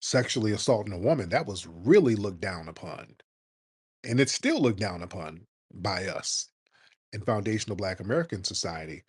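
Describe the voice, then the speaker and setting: A man's voice: fairly low pitch, animated, moderate pace, breathy edge. A man in his fifties hosting a talk show, speaking bluntly and emphatically. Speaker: host. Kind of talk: talk radio commentary.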